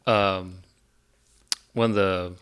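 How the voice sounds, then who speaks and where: A man's voice: deep voice, fairly even intonation, drawn-out words, fairly bright tone, clear, resonant tone. A man co-hosting a podcast, chiming in with short reactions and opinions in casual chat. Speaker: podcast co-host.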